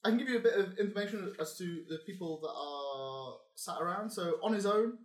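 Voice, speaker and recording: A man's voice: high-pitched, a little fast, reverberant. A man narrating a tabletop game as game master, laid-back and hesitant, laughing often.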